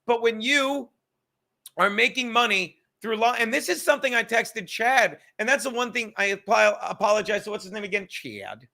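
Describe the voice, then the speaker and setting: A man's voice: high voice, normal speed, vocal fry, pushed and bright. A man hosting a podcast, rambling casually from his apartment, swearing and joking. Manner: profane, joking, reads aloud from a book. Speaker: podcast host.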